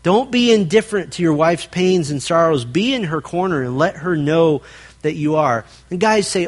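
A male pastor delivers a sermon in an earnest, emphatic way, driving points home by repetition and speaking straight to his listeners. His voice sits a bit higher than most men's. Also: expressive, normal speed. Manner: earnest preaching with emphatic repetition and direct address.

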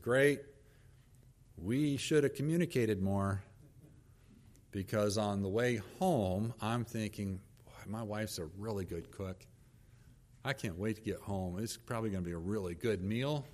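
A middle-aged pastor preaches a sermon built around a personal story about his wife and kids, acting out their lines of dialogue. His voice is lowish and a little mellow.

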